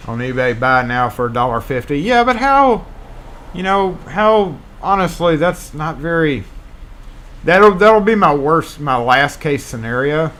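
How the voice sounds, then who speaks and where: A man with a drawl, his voice sitting a bit high for a man. He chats loosely while working, wandering between thoughts and tossing in the odd swear word. He talks into a mobile mic in a locksmith shop. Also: lively intonation, a little slow, fairly bright tone. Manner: rambling, offhand, swears and chuckles while working. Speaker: locksmith livestream host. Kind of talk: casual live-stream chat.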